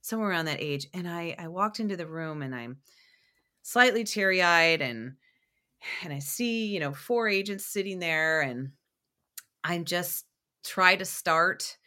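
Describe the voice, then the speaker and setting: A young woman talks on a podcast, her voice bright and forward, set a little low for a woman. She tells her stories in an animated way, with many fillers and restarts. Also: unhurried. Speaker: podcast guest. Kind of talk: casual interview chat.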